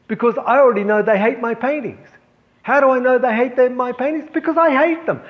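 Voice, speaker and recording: A middle-aged man with an Australian accent telling a personal story as an art teacher, earnest and animated as he voices his own inner thoughts. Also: sits high. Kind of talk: talking to camera about art practice. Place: art gallery. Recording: slightly dull, lo-fi sound.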